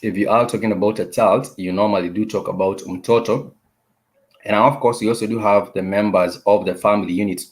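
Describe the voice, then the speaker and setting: A man teaching a casual online language lesson, who explains patiently, repeats key words slowly and often restarts with hesitant fillers. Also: lowish voice, steady tone.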